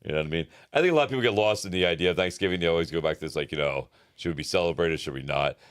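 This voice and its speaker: A man in his forties with a deep voice, co-hosting a podcast in a loose, swear-heavy casual chat. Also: rapid-fire, smooth, dry recording, studio quality. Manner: laid-back, swears freely. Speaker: podcast co-host.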